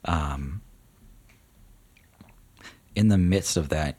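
Deep husky male game master. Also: a little slow. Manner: relaxed narration with many fillers. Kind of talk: narrating a tabletop game.

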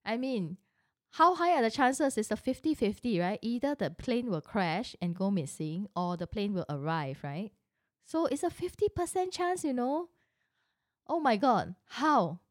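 A woman's voice: on the high side, animated, a little slow, dry recording, studio quality. A middle-aged woman telling a personal story in a casual, chatty way, full of rhetorical questions and asides.

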